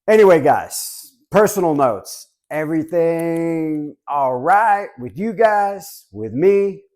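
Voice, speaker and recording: Chatty higher-voiced man in his fifties. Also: expressive, slow, a little mellow. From Southern California. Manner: chatty, joking, repeats "guys". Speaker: collectibles reviewer. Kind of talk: casual chat to camera.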